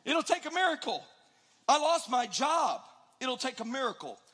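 High, bright-voiced preacher man, echoing hall. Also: moderate pace, a little hiss or hum. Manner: energetic, joking, questions the audience. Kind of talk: sermon. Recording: long hall reverb.

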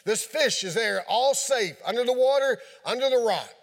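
High-voiced man preaching a folksy sermon. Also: moderate pace. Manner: folksy, animated storytelling with sound effects. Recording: long hall reverb.

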